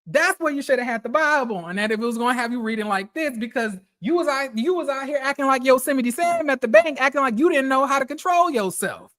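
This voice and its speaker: A man recapping a reality TV episode in casual commentary, animated and profane, talking straight to his viewers. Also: very high-pitched, fairly quick, few pauses.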